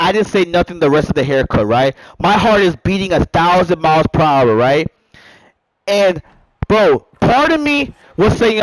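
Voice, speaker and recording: Animated high-voiced man telling a story. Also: no room sound, rough recording. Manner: animated, profane, keeps saying "bro" and "right?". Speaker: storyteller vlogger. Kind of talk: casual storytime monologue.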